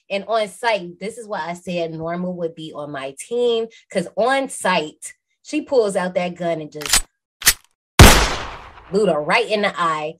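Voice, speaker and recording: A woman hosting a podcast, recapping a movie in a lively, slangy, casual way with some swearing. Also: on the low side, a little slow. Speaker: podcast host.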